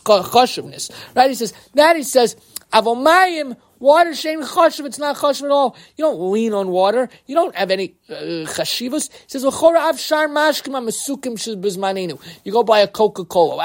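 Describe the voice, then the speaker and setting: A man teaching a Torah class as a rabbi, reading Hebrew sources aloud and translating them line by line, and putting questions to his listeners. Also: high voice. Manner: lively, asks the listeners questions.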